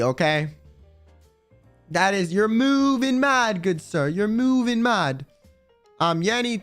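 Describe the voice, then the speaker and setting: A man's voice: fairly high pitch, fairly bright tone. A man streaming live, chatting casually with his viewers in a rambling, crude, joking way. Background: faint background music.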